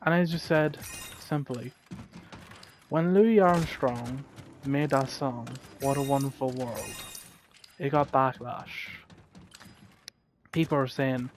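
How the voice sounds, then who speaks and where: A man slowly telling a heartfelt story in an earnest way, often repeating his phrases. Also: medium pitch, slight background noise. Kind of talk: storytelling monologue over gameplay.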